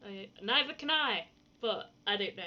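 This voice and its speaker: A woman's voice: mid-range voice, lively intonation, normal speed, bright, forceful tone. A woman with a slight Welsh accent hosting a casual podcast chat, giggly and teasing. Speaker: podcast host. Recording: dull lo-fi audio.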